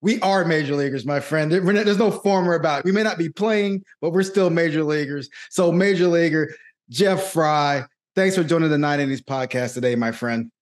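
A middle-aged man hosting a podcast, talking in an energetic, hyped-up way with friendly banter. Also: fairly high pitch, fairly quick. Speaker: podcast host. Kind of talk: casual interview.

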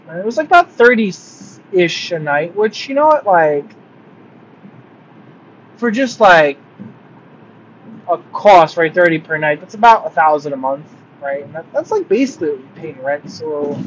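A young man tells travel stories in a casual vlog, rambling and full of filler words. His voice sits high and lively. The sound is slightly dull and lo-fi. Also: slight background noise. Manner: rambling, filler-heavy, animated storytelling. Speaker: vlogger.

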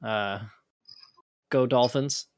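A man's voice: mid-range voice, drawn-out words, smooth, dry recording, clean studio sound. A young man hosting a casual sports podcast, joking around and laughing often. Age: young adult. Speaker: podcast host. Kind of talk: casual chat.

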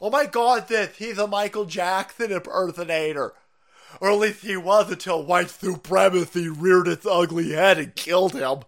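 A man mimics a breathless, gushing activist, pitched well above his usual voice. Every phrase comes out overwrought and melodramatic. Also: moderate pace, fairly bright tone. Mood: outraged. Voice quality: exaggerated, melodramatic. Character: gushing, outraged mock progressive.

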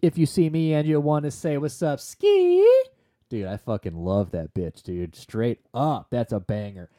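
A male podcast co-host talks in a low, mellow voice, recorded dry and close with no room sound. He rambles through loose, profane chat and gets excited as he goes off on tangents. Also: normal speed, no echo.

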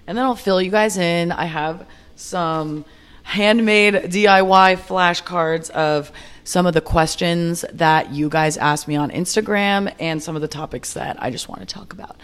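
A woman's voice: on the low side, measured pace, clean tone. A young woman hosting her own podcast alone, chatting in an upbeat, rambling way with fillers and restarts. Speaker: podcast host. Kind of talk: solo podcast chat.

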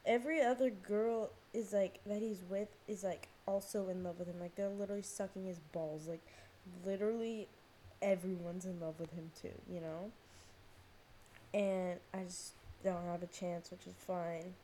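A young woman talks alone on her podcast in a loose, rambling way. She says "like" all the time, swears freely, pokes fun at herself and drifts off topic. Her voice is mellow and soft-edged, with a faint hiss under it. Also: fairly low pitch, steady tone, normal speed. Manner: rambling, self-mocking, heavy use of "like", frequent swearing; jumps between topics, loses her thread. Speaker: podcast host. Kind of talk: casual solo chat. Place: at home, on her phone.

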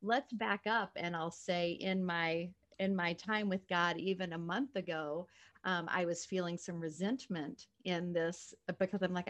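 A woman's voice: lowish voice, steady tone, measured pace, a bit bright. A woman reads a Bible passage aloud, then shares her personal faith story in an earnest, reflective way, with light laughs. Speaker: guest sharing a faith story. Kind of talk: reading scripture and sharing a testimony.

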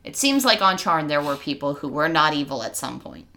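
A woman's voice: deep voice, big pitch swings, a little fast, bright, forceful tone. A woman co-hosting a podcast in casual chat, wry and thoughtful, often trailing off. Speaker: podcast co-host.

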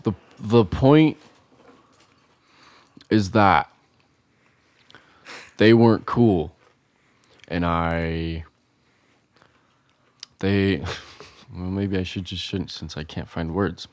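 A man co-hosting a podcast, telling a personal story in a halting, rambling way. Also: deep voice, no room sound. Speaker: podcast co-host. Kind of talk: casual chat among friends.

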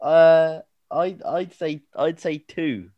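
A young man co-hosting a casual podcast, playful and animated, acting out little scenes as he tells stories. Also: fairly high pitch, slow pace, no room sound, highs cut off. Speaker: podcast co-host.

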